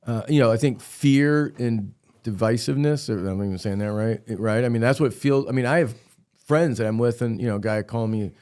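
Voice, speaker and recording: A man's voice: medium pitch, a little fast, a little mellow. A man hosting a casual conversation, chatty and loose, letting his thoughts wander. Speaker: host.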